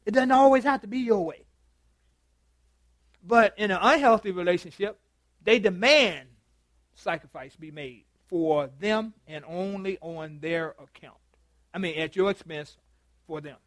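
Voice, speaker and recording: A pastor with a notably high-pitched man's voice talks to his congregation as much as he preaches at them. He jokes, repeats himself and trips over words. The sound is close and dry. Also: lively intonation, normal speed, pauses often, a bit bright, no room sound. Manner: chatty and joking, stammers and repeats words, quizzes the congregation. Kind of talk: conversational sermon with open dialogue. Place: church meeting room.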